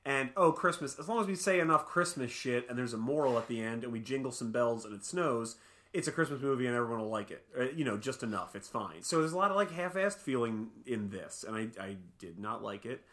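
A podcast co-host reviewing a film in casual chat, ranting in a profane, animated way. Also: medium pitch, a little fast.

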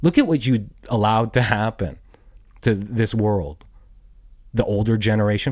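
A man's voice: on the low side, a little slow, long pauses, darkish tone. A young man ranting bluntly and profanely in a rambling monologue, restarting his sentences as he goes. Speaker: podcast host. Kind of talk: angry rant monologue.

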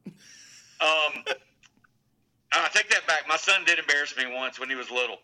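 Man, 40s, very bright tone, relaxed crude storyteller, casual chat. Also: on the high side, unhurried, poor audio. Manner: loose, joking anecdotes with crude humor. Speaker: guest, pub owner.

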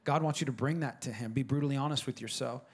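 A man's voice: mid-range voice, fast talker, slightly rough. Casual, joking man preaching a sermon. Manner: casual, joking, talks straight to the congregation. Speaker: pastor. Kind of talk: conversational sermon.

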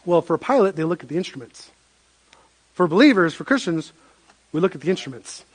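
Man, pastor, sermon, fairly high voice, lively storytelling, restarts phrases. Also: fairly quick, slightly rough. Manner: animated storytelling with frequent restarts.

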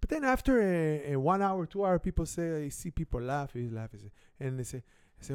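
Playful Israeli-accented family game host. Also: male voice, fairly high pitch, brisk, hardly any pauses, clear, resonant tone, no echo, studio quality. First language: Hebrew. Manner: broken English grammar, animated comic storytelling. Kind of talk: playful storytelling and game hosting.

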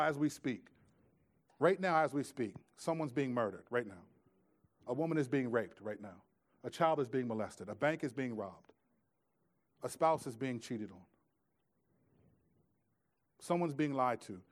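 A man preaching a sermon in a conversational way, swinging from loud, pressing emphasis to hushed, quiet asides. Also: medium pitch, expressive, moderate pace, long pauses. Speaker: pastor.

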